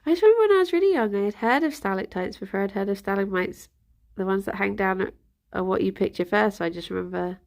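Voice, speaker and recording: A woman's voice: mid-range voice, quick pace, creaky, a little mellow. A young woman chatting casually with her stream viewers, rambling and giggly, sounding a little bunged up. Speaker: livestream host.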